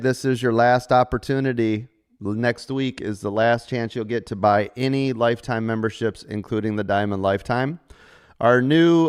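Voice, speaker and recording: A middle-aged man with a smooth, mid-range voice hosts a live trading stream, chatting casually with members in a salesy way. He cracks jokes and keeps tossing in a rhetorical "right?".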